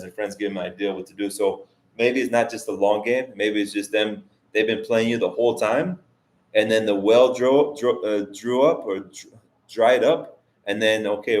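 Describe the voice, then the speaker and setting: Rambling, low-voiced man chatting live. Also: a little mellow. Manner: rambling, full of restarts and fillers. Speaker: vlogger host reading live chat. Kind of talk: casual livestream chat.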